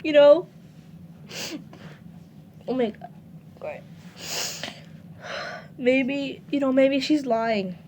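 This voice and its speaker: High-voiced woman telling an emotional story. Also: extremely slow, pauses often, dark tone, a little hiss or hum. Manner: earnest, repeats herself, addresses viewers directly. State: emotional, close to tears. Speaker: vlogger. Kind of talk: personal storytime monologue.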